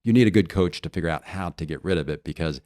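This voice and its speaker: A man's voice: sits low, quick pace, warm tone, no room sound, studio quality. A man coaching on leadership in a podcast conversation, earnest and explaining through stories and analogies.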